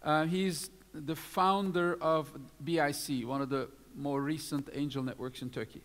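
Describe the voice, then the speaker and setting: A man's voice: a little high, fairly even intonation, moderate pace. A man presenting awards at a live event, reading out lists of names with many fillers. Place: event hall. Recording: long hall reverb.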